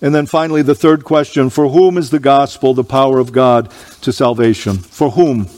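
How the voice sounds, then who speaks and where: A man preaching a sermon in a church, reading scripture aloud with slow emphatic stresses and clearing his throat from allergies. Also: medium pitch, steady tone, darkish tone, big-room sound.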